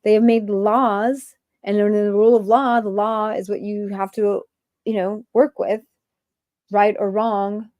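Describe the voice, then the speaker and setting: A woman's voice: mid-range voice, flat delivery, unhurried, a little mellow, no echo, studio quality. A woman hosting a livestream, ranting in a rambling stream-of-consciousness way with many filler words. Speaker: livestream host.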